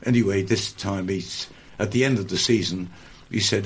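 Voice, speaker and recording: A man's voice: fairly low pitch, moderate pace, few pauses, slightly rough. An older man, a guest entertainer and impressionist, reminiscing in a conversational interview with a rambling, anecdotal way of talking. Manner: rambling, anecdotal, with frequent restarts.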